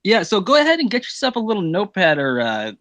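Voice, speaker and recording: Fast-talking man on a video call. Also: sits high, wildly swooping pitch, fairly bright tone. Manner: rambling, self-deprecating. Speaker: panel participant. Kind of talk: casual group video chat.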